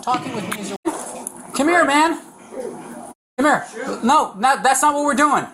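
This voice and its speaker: A man's voice: very high voice, animated, moderate pace, background noise. A man, a sheriff's deputy, pleading urgently and repetitively with a suspect in a crisis negotiation, heard on body camera audio.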